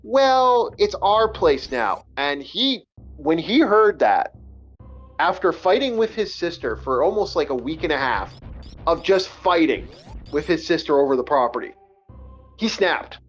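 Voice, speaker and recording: A man's voice: fairly high pitch, sing-song, measured pace, husky, muffled recording, soft background music. A man hosting a casual podcast, telling a story in a rambling way with many restarts. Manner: rambling, repeats words. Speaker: podcast host.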